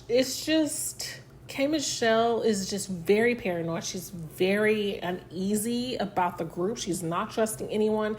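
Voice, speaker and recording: Over slight background noise, a medium-pitched woman casually retells a reality TV episode. She's chatty and uses lots of fillers, voicing what the cast members said.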